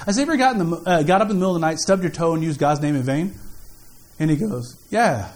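A man preaching a sermon as pastor, in an animated, jokey, conversational way. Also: on the high side, fast talker. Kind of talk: sermon with storytelling.

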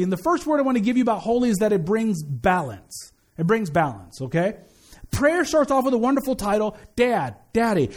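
High-voiced man preaching earnestly. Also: darkish tone. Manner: earnest, repeats key phrases for emphasis; frequent stammered restarts. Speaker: pastor. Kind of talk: conversational sermon.

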